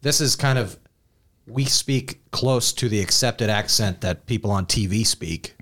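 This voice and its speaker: A man's voice: lowish voice, measured pace, fairly bright tone. A Midwestern man arguing his point in a casual chat among friends. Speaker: podcast co-host. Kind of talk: casual music discussion.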